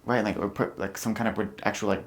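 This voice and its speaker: A man's voice: on the low side, fairly even intonation, fast, vocal fry. A man hosting a podcast, chatting loosely with many fillers and murmuring agreement. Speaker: podcast host. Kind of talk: casual podcast conversation.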